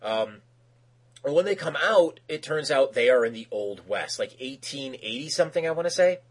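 A man talks through an episode recap in loose, casual chat, stopping often with fillers and restarting his sentences. His voice is husky, and his pitch is middling. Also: animated, normal speed. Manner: rambling, lots of fillers and restarts; acts out quoted characters in raised voices.

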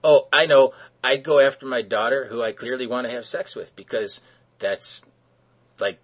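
A man's voice: mid-range voice, steady tone, moderate pace, a bit bright, slightly rough, pitched above the performer's own voice. A man doing a scheming monster villain. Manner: mock-sinister, rambling villain musing. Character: scheming male chemical monster with a villain's brain.

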